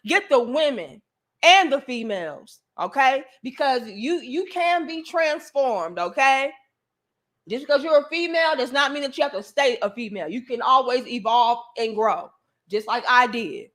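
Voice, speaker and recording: A woman's voice: fairly high pitch, fairly bright tone. A woman hosting a livestream, delivering an emphatic, profane, preachy rant to her viewers. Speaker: livestream host.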